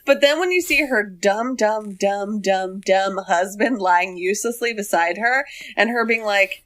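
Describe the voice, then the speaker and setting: A woman's voice: medium pitch, a little slow, a bit bright. A woman recapping a movie in casual podcast chat, laughing and acting out the characters' lines. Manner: laughing, acts out characters in quotes. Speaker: podcast guest.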